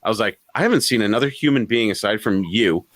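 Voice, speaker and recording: A man with a fairly low, bright, forceful voice tells stories on a live podcast. He is animated and swears freely, chuckling between phrases. The sound is close and dry. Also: fast, dry recording. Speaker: podcast co-host. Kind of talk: casual storytelling on a live podcast.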